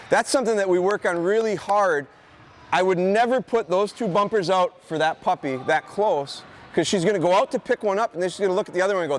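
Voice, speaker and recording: A man's voice: sits high, expressive, fast. Man explaining dog training in a gym. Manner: conversational, explaining while giving short dog commands. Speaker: dog trainer giving a demonstration. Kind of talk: live training demonstration to students. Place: high school gym.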